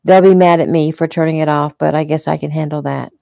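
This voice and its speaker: A woman reading the lines of a loving young wife who is caring and gently firm. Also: low-pitched, fairly even intonation, quick pace, vocal fry, no echo, clean studio sound.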